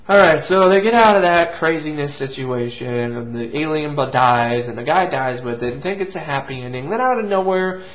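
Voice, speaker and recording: Hosting a laid-back movie review, this man speaks with a fairly high, slightly bright voice, rambling, restarting and casually cursing. The sound is dull and lo-fi.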